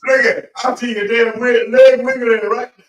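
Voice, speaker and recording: A man's voice: very high-pitched, fairly even intonation, normal speed, recorded from a distance, noisy background. Older man ribbing from across an echoey room. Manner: profane, ribbing, stammering. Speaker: co-host husband.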